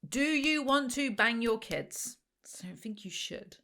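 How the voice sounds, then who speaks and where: A woman's voice: a little high, expressive, gravelly, fairly bright tone. A woman, chatting sarcastically to camera as host of a reaction video. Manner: sarcastic, ranting, quick asides. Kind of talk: casual chat to camera.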